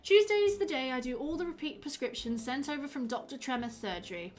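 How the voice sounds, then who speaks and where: A woman's voice: high voice, expressive, a little fast, voice pushed up. A woman voicing a chatty, fussy male village pharmacist in a fairly plain voice. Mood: gossipy.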